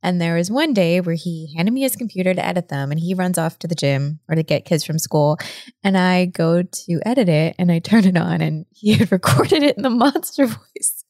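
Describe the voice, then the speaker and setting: A woman's voice: lowish voice, normal speed, a little mellow, dry recording, studio quality. A woman in her thirties co-hosting a podcast, chatty and laughing often. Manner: giggly, chatty. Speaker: podcast co-host. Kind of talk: casual podcast chat.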